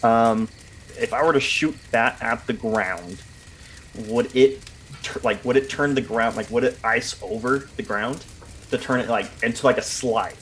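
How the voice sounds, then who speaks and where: Male player, halting and wordy, talking through his actions at the table, slight background noise. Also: medium pitch, a bit bright. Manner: hesitant, searching for words, lots of "um" and "like". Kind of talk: tabletop game talk.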